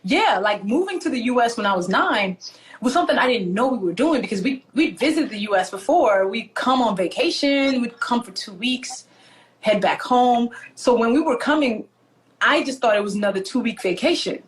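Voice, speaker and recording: A woman from Nigeria, animated and laughing often as she tells stories in a conversational interview. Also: on the high side, moderate pace. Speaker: author and guest.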